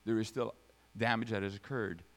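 A man preaching a sermon, swinging from sudden high, loud bursts to soft, low asides. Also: fairly even intonation, moderate pace. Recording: long reverb of a large hall.

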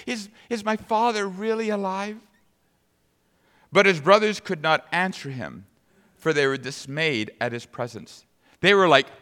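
A man preaching a sermon, retelling a scripture story with dramatic, animated delivery. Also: a little high. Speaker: pastor. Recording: long reverb of a large hall.

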